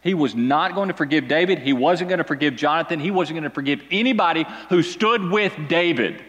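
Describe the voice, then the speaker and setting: A male pastor preaching in a church hall, his fairly high voice carrying a long reverb. He tells the story dramatically, swinging his pitch up and down. His delivery is lively and expressive. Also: fairly quick, highs cut off. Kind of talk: sermon.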